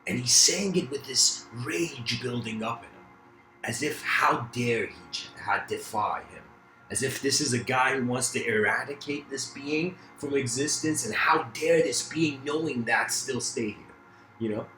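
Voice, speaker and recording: A man's voice: mid-range voice, measured pace, pushed and bright, roomy sound, faint music behind, low-quality recording. A man giving a casual philosophical lecture, telling a story loosely with many fillers.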